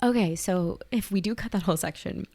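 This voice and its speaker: A woman's voice: mid-range voice, a little fast, warm tone. A young adult woman co-hosting a podcast, chatting casually and with enthusiasm about a film, often quoting the characters. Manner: enthusiastic, quotes characters in mock voices. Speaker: podcast co-host.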